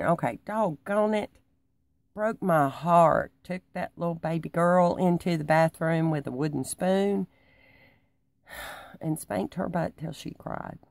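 Slow, gravelly woman rambling. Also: sits low, no echo. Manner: folksy and meandering, dropping to a hushed near-whisper. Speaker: Christian vlogger. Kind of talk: casual rambling talk to camera.

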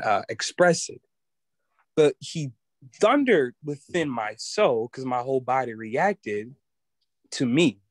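A man sharing a personal religious testimony in an earnest, halting way, often restarting as he looks for words. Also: mid-range voice, no room sound. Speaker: student giving testimony.

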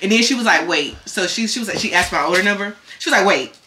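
A woman's voice: medium pitch, rapid-fire, background noise. A young woman, chatting casually to camera for her vlog, telling stories in an earnest, rambling way and acting out both sides of conversations. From Norfolk, Virginia. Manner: earnest, rambling storytelling with quoted back-and-forth. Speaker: vlogger.

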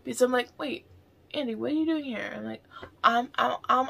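Excitable, rambling woman vlogger. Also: on the high side, fairly quick, vocal fry, slightly rough. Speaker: vlogger reacting to a film. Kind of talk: casual reaction vlog.

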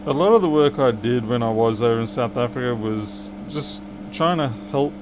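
There's background noise as a middle-aged man with a medium-pitched voice speaks animatedly at a moderate pace. He's doing a repair on a livestream, casually rambling, thinking aloud and answering chat.

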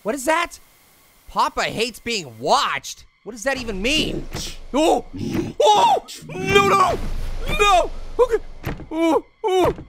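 A man voicing a hyper, wisecracking male cartoon fruit who excitedly comments on a video game, repeating himself and yelping at scares. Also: a little slow, noisy background, heavily acted. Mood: panicked. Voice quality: high, gravelly voice. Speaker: let's play commentator. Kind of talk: let's play commentary.

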